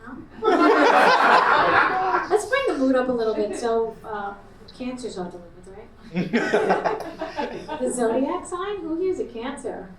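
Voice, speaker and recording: Speaking slowly with long pauses, a middle-aged woman whose sing-song voice sits high delivers brash, crude stand-up in a small comedy club while laughing at her punchlines. The distant recording picks up the club's echo and roaring crowd laughter.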